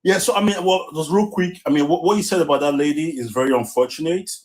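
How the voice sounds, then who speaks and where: A man's voice: a little high, fast talker, a little mellow. A man with a Nigerian accent, who grew up in Nigeria, calling into a show and earnestly putting his question with many restarts. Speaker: caller. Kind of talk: casual call-in chat.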